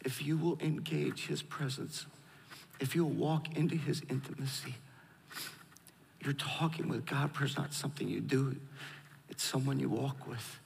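A man's voice: medium pitch, steady tone, unhurried, gravelly, husky, in a large hall. A middle-aged pastor telling personal stories as an interview guest, emotional and hesitant, often restarting his sentences.

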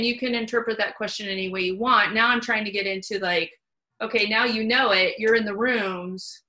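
Bright-voiced woman hosting a candid chat. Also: mid-range voice, low-quality recording. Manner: animated, candid, salty storytelling. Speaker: host. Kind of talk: casual chat.

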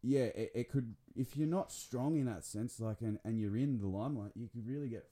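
A man's voice: mid-range voice, brisk, warm tone. A young man chatting casually as a podcast co-host, earnest and swearing freely. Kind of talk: casual chat.

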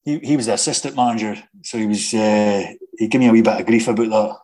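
A man's voice: on the low side, darkish tone, low-quality recording. Scottish man telling football stories. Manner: halting, many restarts, anecdotal. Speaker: former footballer guest. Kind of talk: casual chat.

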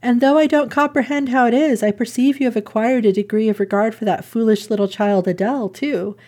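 A woman doing an aloof, cruel gentleman, reading his lines in a mock-formal way that turns sarcastic. The voice sits somewhat high and plain. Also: steady tone, fairly quick, close to an everyday voice.

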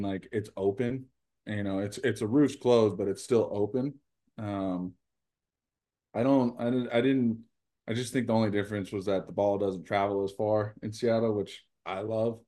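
A man, a professional baseball pitcher, talking casually as an interview guest in a rambling, animated way with lots of fillers.

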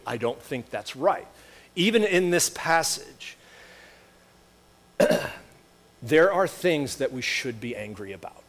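A man preaching a sermon as pastor, conversational, with rhetorical questions and wry asides. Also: medium pitch.

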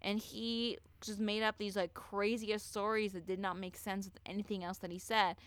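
Woman, podcast host, casual true-crime storytelling, animated, swears a lot, crisp smooth voice, dry close sound. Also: medium pitch, moderate pace, dry recording. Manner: animated, swears freely, acts out quotes.

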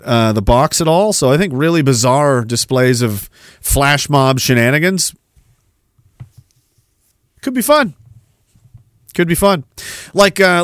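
A male podcast host rants in a sarcastic, mocking tone and laughs at his own jokes. His voice sits a little high. The recording is dry and close. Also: fairly bright tone, smooth, no echo. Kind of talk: casual ranting commentary.

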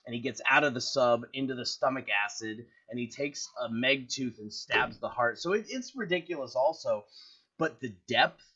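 A man on a podcast talks movies in a loose, rambling way and stops often with "uh" and "um" while he searches for names. His voice is bright and forceful at a middle pitch. The recording sounds slightly dull and lo-fi. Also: moderate pace, slightly rough. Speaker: podcast co-host. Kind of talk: casual movie chat.

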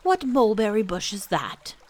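A woman's voice: mid-range voice, sing-song, a little slow. A woman voicing a kind, simple-minded young male bear in a storybook reading. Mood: cheerful. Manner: cheerful, puzzled.

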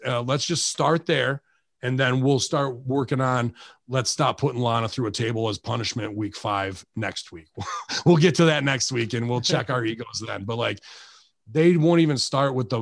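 A man on a casual podcast, his voice gravelly with a touch of fry. He rants with lots of energy and swears freely, with a dry, close sound. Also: mid-range voice, no echo. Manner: profane, animated ranting with acted-out quotes. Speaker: podcast host and former wrestler. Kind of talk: casual chat.

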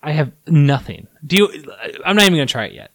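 Lively joking man co-hosting a podcast. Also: on the high side, no echo. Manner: joking, quick to laugh. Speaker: podcast co-host. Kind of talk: casual chat.

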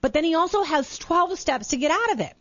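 A woman's voice: very high voice, sing-song, brisk, a bit bright, no room sound. A woman from Minnesota hosting a talk show, gushing and enthusiastic and laughing often. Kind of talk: casual talk show interview. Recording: dull muffled broadcast audio.

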